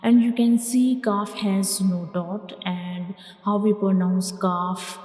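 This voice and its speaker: Female tutor, very slow and mellow delivery, patient, echoey room with long tail and faint music underneath. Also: medium pitch, fairly even intonation. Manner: patient, repeats each letter sound loudly for learners. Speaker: Quran reading teacher. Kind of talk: slow step-by-step letter lesson.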